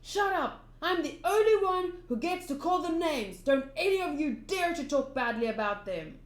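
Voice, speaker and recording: A cranky old town mayor , voiced by a woman reading a manga, grumbles and scolds gruffly. The pitch sits high and moves a lot. A roomy echo surrounds the voice. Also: moderate pace, natural voice. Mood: angry.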